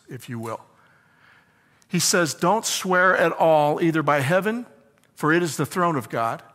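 A man's voice: sits high, bright, forceful tone. Emphatic preacher man in a reverberant hall. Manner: emphatic, asks the congregation questions and answers them. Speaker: pastor. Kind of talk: sermon.

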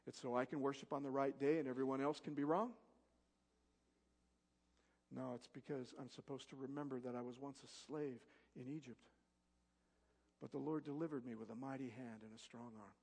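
Emphatic preacher in a reverberant hall. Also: male voice, medium pitch, steady tone, normal speed, gravelly, long pauses. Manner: swings from loud emphatic peaks to soft storytelling. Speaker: pastor. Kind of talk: sermon. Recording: long reverb of a large hall.

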